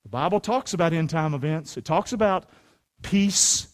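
A man in his forties preaching a sermon to a congregation, animated and often shouting, firing rhetorical questions at the room. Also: fairly high pitch, normal speed. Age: 40s. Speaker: pastor. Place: church sanctuary.

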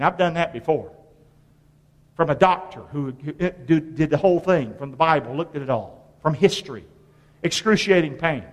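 Lively preaching man in a reverberant church. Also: fairly high pitch. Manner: lively preaching with call-and-response to the congregation. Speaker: pastor. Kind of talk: sermon. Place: church hall with long reverb.

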